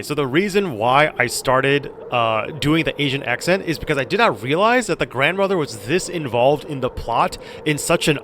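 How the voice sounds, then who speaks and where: A man's voice: a little high, fairly bright tone, slight background noise. Chatty, laughing male streamer. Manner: chatty, joking, laughs mid-sentence. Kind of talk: casual live-stream chat.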